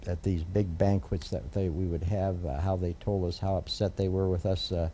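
An older man with a deep, very dark and mellow voice tells a story slowly, circling back with fillers and restarts as he goes. A faint hiss sits under the recording. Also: flat delivery. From United States. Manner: rambling, warm storytelling with many fillers and restarts. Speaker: federal judge, interviewee. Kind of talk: oral history interview storytelling.

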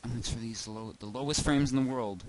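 A man's voice: medium pitch, a little fast, a little mellow, rough recording. A young man rambling goofily to himself while commentating his game at home. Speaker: gaming video host. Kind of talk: casual let's-play commentary. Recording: heavy background noise hiss.

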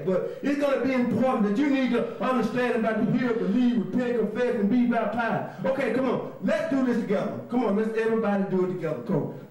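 A man teaching a call-and-response Bible lesson, often shouting, laughing, and spelling words out letter by letter. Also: high-pitched, distant mic. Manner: laughs often, coaxing the class to repeat. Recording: very echoey room.

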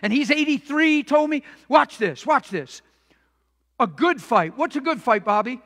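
A man preaching a sermon as a pastor, animated and acting out the voices he quotes, recorded in a church sanctuary. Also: very high-pitched, normal speed. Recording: echoey church hall reverb.

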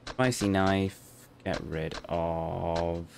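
A man's voice: deep voice, fairly even intonation, extremely slow, gravelly, background noise. Dry-joking male let's play host. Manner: dry, joking, muttering to himself. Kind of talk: casual gameplay commentary.

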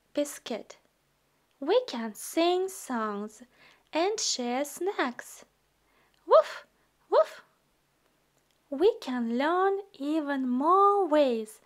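Slow, sing-song woman reading a picture book. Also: high-pitched. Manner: slow, gentle, expressive reading with soft hushed words. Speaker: storybook reader. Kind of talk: children's picture book read-aloud. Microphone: phone.

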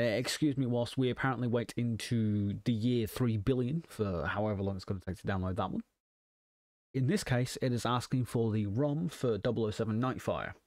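A man hosting a casual software tutorial, walking through an install with wry, self-deprecating asides. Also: lowish voice, no room sound, clean studio sound. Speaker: tech channel host.

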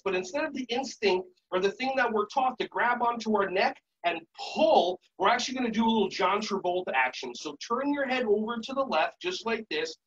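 A man leading a live group breathing and stretching warm-up, upbeat and jokey as he coaches the audience. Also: extremely high pitch, slightly rough, far from the mic, lo-fi sound. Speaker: movement and relaxation instructor. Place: conference session room.

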